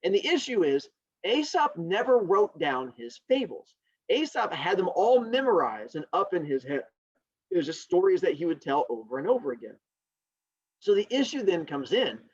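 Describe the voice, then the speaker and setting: Animated joking male teacher. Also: sits high, breathy edge, highs cut off. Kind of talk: classroom storytelling lesson.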